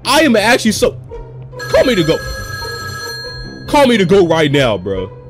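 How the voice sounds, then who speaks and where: A man playing a horror game and reacting out loud. He talks in a slangy, jumpy way and shouts and yelps whenever something startles him. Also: high-pitched, wildly swooping pitch, moderate pace, soft background music. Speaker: gaming video creator.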